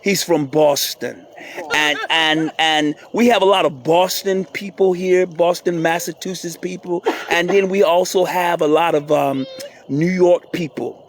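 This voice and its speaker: A man's voice: on the high side, steady tone, measured pace. A man hosting a casual phone video at an outdoor campsite, playful and teasing, often repeating his words. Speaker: host filming the gathering. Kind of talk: casual chat to camera. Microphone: handheld phone camera.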